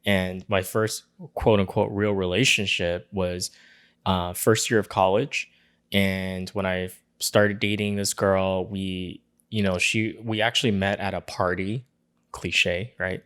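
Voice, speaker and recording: Deep-voiced man, joking podcast host. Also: flat delivery, takes it slowly, a bit bright, smooth. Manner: joking, laughs often. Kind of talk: casual chat.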